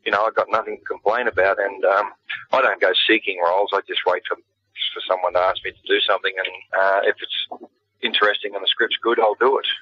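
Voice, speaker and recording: A man's voice: low-pitched, steady tone, a little fast, breathy edge. A middle-aged man with an Australian accent, a guest actor talking in a laid-back, plain-spoken way with frequent restarts. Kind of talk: casual radio interview. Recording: dull lo-fi radio sound.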